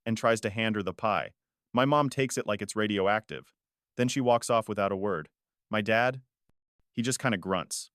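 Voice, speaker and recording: A man reading a first-person family story aloud in a measured, dramatic way. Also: lowish voice, fairly bright tone, smooth, dry recording, clean studio sound. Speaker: story narrator. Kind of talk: scripted narration.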